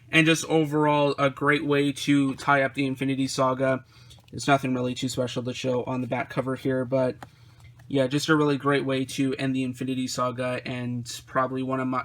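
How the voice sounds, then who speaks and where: Flat-voiced man rambling casually. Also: mid-range voice. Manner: relaxed, rambling with frequent fillers and restarts. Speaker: vlogger reviewing his disc collection. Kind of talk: casual vlog commentary.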